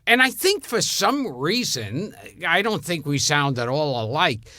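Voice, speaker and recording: Animated, slow-talking New man. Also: fairly high pitch, no room sound, studio quality. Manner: animated, loud and mischievous. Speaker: host. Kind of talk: casual storytelling chat.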